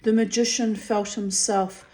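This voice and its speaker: Lady reading a fantasy book out loud, really slow and gentle. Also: medium pitch, little pitch movement. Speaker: reader. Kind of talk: audiobook narration.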